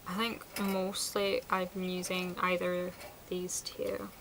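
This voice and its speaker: A woman's voice: on the low side, monotone, a little slow, background noise. A woman chatting casually through a product review, enthusiastic and sprinkled with fillers. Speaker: beauty vlogger.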